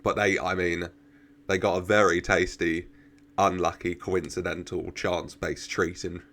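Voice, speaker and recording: A man's voice: sits low, flat delivery, measured pace, fairly bright tone. A man giving casual reaction commentary, chatting, laughing often and talking back to the characters on screen. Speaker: reaction video host.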